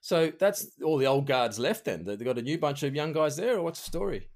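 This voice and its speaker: An Australian man hosting a podcast, telling stories quickly in casual chat, laughing often. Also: a little high, expressive. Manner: quick, chatty, laughing storyteller. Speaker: podcast host.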